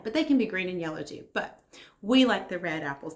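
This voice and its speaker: Her voice lowish and her intonation lively, a woman runs a kindergarten circle time lesson at a slow, encouraging pace, answering children's imagined responses. The sound is reverberant.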